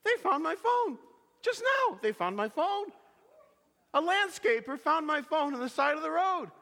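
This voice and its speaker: A man voicing a flustered woman hairstylist who bursts into excited, disbelieving exclamations, recorded in an echoey hall. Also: extremely high pitch, unhurried, vocal fry, pitched above the performer's own voice, exaggerated voice. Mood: astonished.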